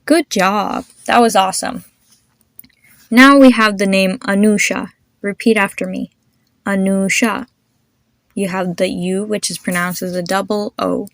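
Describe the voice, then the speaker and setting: A woman's voice: mid-range voice, no echo, clean studio sound. A young woman hosting a podcast, patiently teaching pronunciation and encouraging listeners to repeat after her. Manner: encouraging, patient, demonstrates sounds slowly. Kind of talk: instructional podcast.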